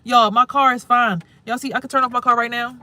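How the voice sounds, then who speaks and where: A young woman rambling casually in a spiritual vlog outdoors, animated and swearing, exclaiming at things she sees. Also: a little high, a little fast. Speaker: spiritual vlogger and reader. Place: outdoors near trees.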